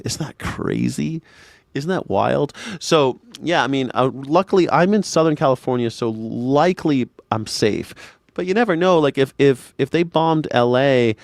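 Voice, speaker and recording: A man's voice: fairly low pitch, no echo, clean studio sound. Sarcastic rambling man in his forties. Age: 40s. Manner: sarcastic, argues with chat, rambling. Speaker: streamer host. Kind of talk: casual livestream commentary. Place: home in Southern California.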